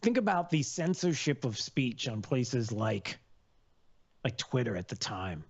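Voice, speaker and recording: A man hosts a political talk radio show in a rambling, sarcastic monologue. He keeps circling back, with many fillers and restarts. His voice sits in a middle pitch, and the broadcast audio sounds slightly dull.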